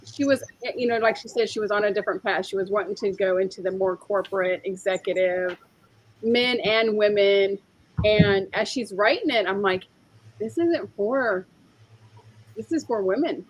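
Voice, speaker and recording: A woman's voice: medium pitch, moderate pace, husky, rough recording. A woman co-hosting a casual talk, chatting and telling anecdotes about the author. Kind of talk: casual conversation.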